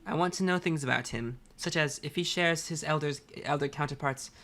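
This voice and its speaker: A reader brings to life a wordy, dry-witted teenage girl in comic dialogue, keeping the mood wry and the phrasing elaborate and articulate. The medium-pitched voice is brisk, fairly bright, and close to an everyday speaking voice.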